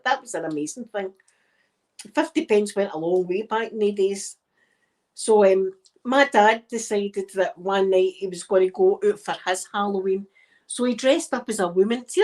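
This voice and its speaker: A Scottish woman in her fifties chats in a soft ASMR voice as she knits. Her talk wanders from thought to thought like an easygoing storyteller, and her pitch sits in an ordinary middle range for a woman. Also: low-quality recording. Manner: rambling, chatty storyteller. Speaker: ASMR creator. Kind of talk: soft-spoken ASMR chat while knitting.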